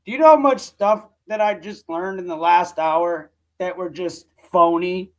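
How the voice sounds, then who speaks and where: A hoarse man hosting a live reaction stream, rambling in casual commentary and calling his viewers "dude". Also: sits high, a little slow, low-quality recording. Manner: rambling, repeats himself, says "dude" often. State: hoarse, voice nearly gone.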